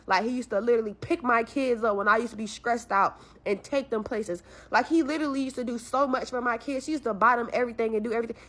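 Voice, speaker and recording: A woman's voice: a little high, a bit bright. A young woman venting about her struggles in a blunt, frustrated way, cursing heavily as she tells her story. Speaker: caller telling her story.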